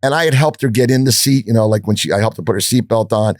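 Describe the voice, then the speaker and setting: A man in his sixties, a podcast guest, telling animated stories with many restarts and a bit of swearing. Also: fairly low pitch, quick pace, dry recording, clean studio sound. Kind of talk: anecdotal storytelling in an interview.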